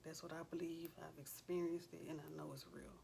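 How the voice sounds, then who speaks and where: Low, gravelly-voiced woman vlogger. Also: flat delivery, a little fast, darkish tone, a little hiss or hum. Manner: earnest, heartfelt storytelling; loose, conversational with frequent fillers. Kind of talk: casual chat.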